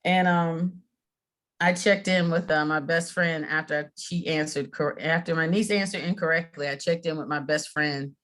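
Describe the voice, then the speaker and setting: A woman's voice: deep voice, steady tone, moderate pace, a bit bright. A middle-aged woman leading a mediation training over a video call, chatty, with many fillers and restarts. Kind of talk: casual training talk.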